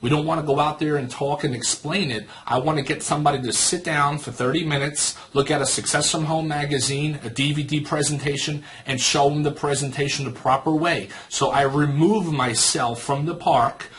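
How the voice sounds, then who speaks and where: A man's voice: on the high side, steady tone, moderate pace, few pauses, fairly bright tone. A man in his thirties giving a sales training talk, telling a story and acting out both sides of the dialogue. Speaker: network marketing trainer.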